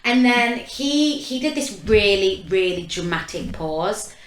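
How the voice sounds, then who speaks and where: A young woman co-hosting a casual podcast chat, telling stories with animated expression. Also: mid-range voice, slow, a little hiss or hum. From England. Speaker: podcast co-host. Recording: echoey room.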